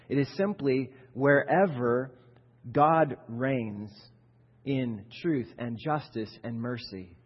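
A man's voice: mid-range voice, breathy edge, in a large hall, lo-fi sound. A male pastor giving a sermon in a conversational style that builds to emphatic peaks.

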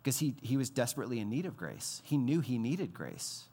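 A man in his thirties preaching a sermon as pastor, conversational and animated, acting out the voices he quotes. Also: medium pitch, fairly quick, slightly rough. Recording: long hall reverb.

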